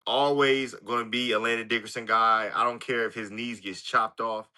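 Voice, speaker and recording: A man's voice: mid-range voice, fairly even intonation, moderate pace, bright, forceful tone. A man co-hosting a casual sports podcast, talking loosely with lots of "like" and "you know". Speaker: podcast co-host.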